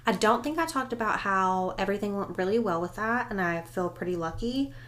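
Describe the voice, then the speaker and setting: A woman's voice: mid-range voice, fairly quick, a bit bright. A woman co-hosting a casual chat podcast, talking freely and quoting her own thoughts aloud. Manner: chatty, quotes her own thoughts, laughs easily. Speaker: podcast co-host.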